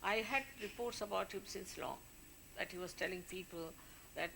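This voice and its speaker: A woman's voice: mid-range voice, normal speed, creaky, a bit bright, a little hiss or hum. A woman, a spiritual leader, giving an informal talk to her followers, warning and scolding them in a conversational way.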